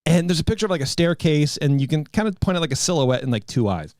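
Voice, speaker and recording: A man's voice: fairly high pitch, sing-song, fast talker, darkish tone, no echo, studio quality. A man in his thirties hosting a podcast, telling a rambling story in casual chat. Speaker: podcast host.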